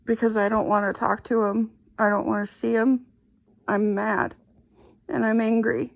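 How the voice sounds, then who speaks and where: A middle-aged woman slowly and haltingly retelling a painful personal story. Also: fairly high pitch, level tone, vocal fry. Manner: slow, halting, emotional retelling. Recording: dull lo-fi recording.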